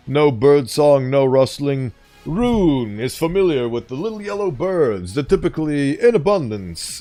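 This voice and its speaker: Playful animated male streamer. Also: on the high side. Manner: playful, animated, self-correcting. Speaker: streamer reading stories. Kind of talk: live-stream reading and chat.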